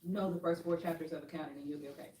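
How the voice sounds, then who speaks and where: Woman, accountant panelist, emphatic, quick pace, distant roomy recording. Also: low voice, steady tone, noisy background. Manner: earnest, emphatic. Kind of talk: panel discussion, advice. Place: workshop room. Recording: roomy hall from far off.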